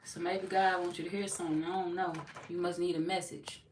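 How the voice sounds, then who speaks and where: A woman's voice: lowish voice, little pitch movement, brisk. A woman from Missouri hosting a tarot livestream, chatting casually with viewers. She is blunt and playful, swears freely and laughs often. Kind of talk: casual livestream chat reading viewer comments. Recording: echoey room, far from mic, noisy.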